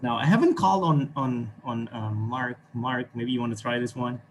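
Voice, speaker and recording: A man's voice: medium pitch, moderate pace, few pauses, a little hiss or hum. An Indonesian man with an Indonesian accent teaching an English class over a video call, encouraging and chuckling often as he explains.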